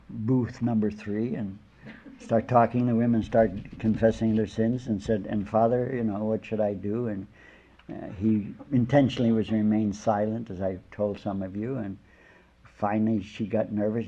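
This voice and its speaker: Gravelly older man giving a rambling sermon. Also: lowish voice, little pitch movement, normal speed, mellow. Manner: rambling, chuckling, conversational asides. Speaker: spiritual teacher. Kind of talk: informal sermon with storytelling. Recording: dull lo-fi lecture recording.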